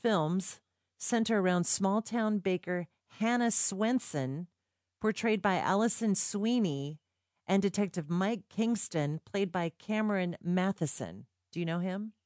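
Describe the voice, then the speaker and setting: A woman's voice: mid-range voice, unhurried, darkish tone, dry recording, studio quality. A woman co-hosting a podcast in casual chat, telling stories and laughing often. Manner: chatty storyteller, laughs often. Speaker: podcast co-host.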